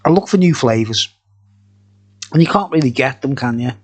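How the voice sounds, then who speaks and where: A man's voice: mid-range voice, animated, moderate pace. A middle-aged man reviewing beer in a tipsy, jokey, rambling vlog chat, laughing often.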